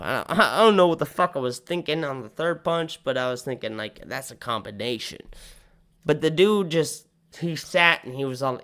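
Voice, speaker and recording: A drunk vlogger spins a rambling story full of swearing. The words stumble and restart, and the telling keeps dissolving into laughter. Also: medium pitch.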